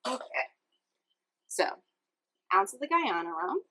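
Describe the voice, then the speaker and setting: A woman's voice: mid-range voice, big pitch swings, unhurried, sharp tone, low-quality recording. A young woman from Louisiana hosting a casual cocktail demonstration in a home kitchen, talking to the viewer in a chatty, upbeat way as she mixes. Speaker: cooking show host.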